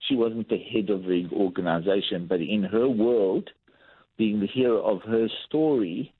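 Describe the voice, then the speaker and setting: Animated workplace anecdotes, with what people said acted out, come from a man who works as a lifestyle coach, speaking in a podcast interview. His voice is lowish and slightly rough at a moderate pace, with no echo, on a tinny phone-like line.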